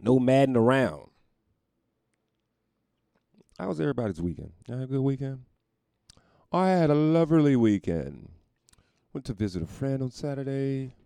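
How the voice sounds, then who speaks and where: A man's voice: medium pitch, very animated, a little fast, creaky, mellow, clean tone, dry recording. A young adult man hosting a podcast, riffing profanely and laughing often. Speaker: podcast host. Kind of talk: casual comedic monologue.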